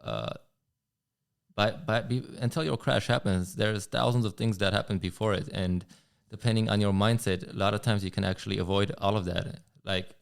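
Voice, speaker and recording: A man's voice: lowish voice, fairly even intonation, moderate pace, creaky, smooth. A man talking as a podcast guest in a casual conversation, reflective and restarting his sentences often. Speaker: guest rider.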